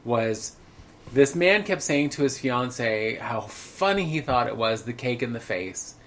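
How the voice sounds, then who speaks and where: Man, podcast co-host, casual chat, swears freely, frank storyteller, even mid-range voice. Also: mid-range voice, unhurried. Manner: candid, profane storytelling.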